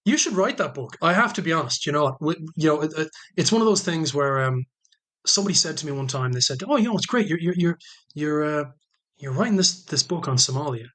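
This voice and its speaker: A man's voice: a little high, lively intonation, fairly quick, a bit bright. An Irish man from Ireland, a guest historian telling chatty stories in a casual podcast conversation with self-deprecating jokes.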